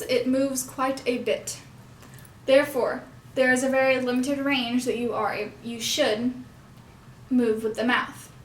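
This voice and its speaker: A young woman with a high, fairly bright voice teaches puppet technique in a hands-on lesson, pausing now and then to correct herself. The recording, made in an echoey room, carries a little hiss or hum.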